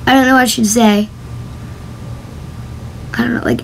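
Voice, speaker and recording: A woman's voice: a little high, fairly even intonation, normal speed, gravelly, pauses often, a little hiss or hum, poor audio. A female vlogger chatting casually to camera in a giggly, self-conscious way as she tries out a voice app.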